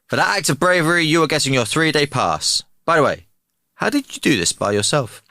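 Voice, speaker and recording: Bright, dry, stern male German officer with a put-on German accent, as a joke reader puts him on. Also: a little high, sing-song, fairly quick, no room sound, voice pushed up, full character voice. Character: stern shouting male West German army major.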